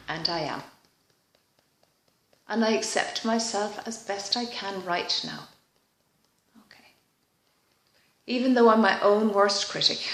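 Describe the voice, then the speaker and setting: A woman leading a guided EFT tapping session in a slow, soft, reflective manner, pausing for frequent sighs. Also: medium pitch, echoey room.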